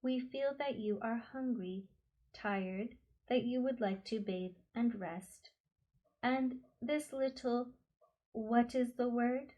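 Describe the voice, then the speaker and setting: A woman voicing a gentle, furry alien beast with tentacles, who speaks slowly, softly and calmly. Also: fairly high pitch, muffled recording. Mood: soothing, grave. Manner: slow, soft, calm and careful.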